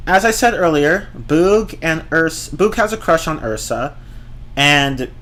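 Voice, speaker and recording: A man's voice: fairly high pitch, fairly bright tone. Guy ranting about movies, fed up, cussing, tripping over his words a bit. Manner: exasperated, profane, repeats and restarts words. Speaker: movie reviewer.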